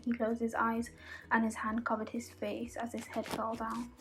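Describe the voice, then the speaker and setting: Female storyteller, calm scripted narration, fairly high voice, soft music bed. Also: normal speed, rough recording. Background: soft background music.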